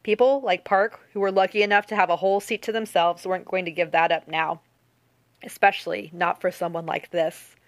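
A woman narrating a novel in a steady audiobook reading. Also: fairly low pitch, fairly quick, dry recording. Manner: even, steady storytelling.

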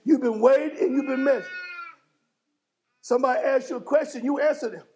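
A man preaching a sermon as bishop in a church, working the congregation and rising to shouts. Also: very high-pitched, fairly quick, slight background noise, rough recording. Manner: fiery call-and-response preaching, rising to shouts. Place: church sanctuary.

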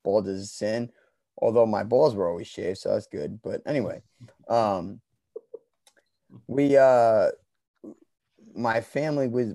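A young man telling a story in a loose, profane way, mumbling at times and then breaking into shouts. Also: on the low side, creaky, dry recording. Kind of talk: casual storytelling.

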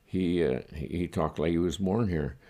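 An older man from the United States, reflecting in a halting, chuckling way during an oral history interview. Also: sits low, mellow. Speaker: interviewee recalling his childhood.

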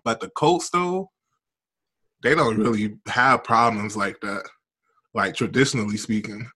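A man with a deep voice co-hosting a sports podcast, chatting in an animated, emphatic way. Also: unhurried, breathy edge. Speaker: podcast co-host. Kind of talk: casual sports podcast chat.

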